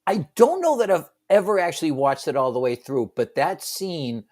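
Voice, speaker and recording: Lively middle-aged man on talk radio. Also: on the high side, moderate pace. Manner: animated, bursts into shouted movie quotes. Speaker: radio sports talk co-host. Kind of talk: casual talk radio banter.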